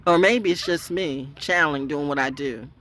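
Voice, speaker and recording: A woman broadcaster talking in a profane, unscripted rant, swinging from loud high outbursts to low mutters. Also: moderate pace, slight background noise. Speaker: online storyteller and broadcaster. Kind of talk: unscripted ranting monologue.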